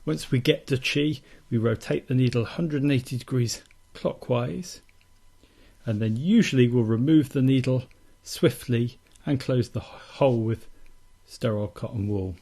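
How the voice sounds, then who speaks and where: A man calmly teaching acupuncture technique in a steady, methodical instructional demonstration. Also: mid-range voice, moderate pace. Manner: calm, steady, methodical explaining.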